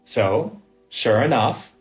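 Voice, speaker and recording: A man's voice: medium pitch, lively intonation, slow pace. A man giving a live spiritual talk, telling personal stories with rhetorical questions and a frequent "right?". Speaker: spiritual teacher. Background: faint music.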